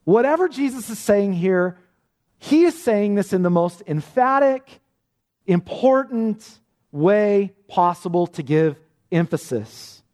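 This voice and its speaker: A man's voice: sits high, big pitch swings, slow, a little mellow. A man preaching an expository sermon, emphatic, often repeating words and restarting phrases as he presses a point.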